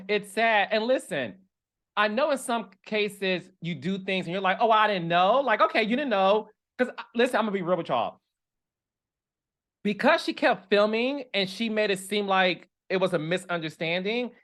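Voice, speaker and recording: A man talks straight to his audience as a reality-TV commentator, chatty and full of dramatic asides. His voice swings widely in pitch as he reacts. The delivery is casual and expressive. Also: normal speed. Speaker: reality TV commentator and podcast host. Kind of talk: casual chat.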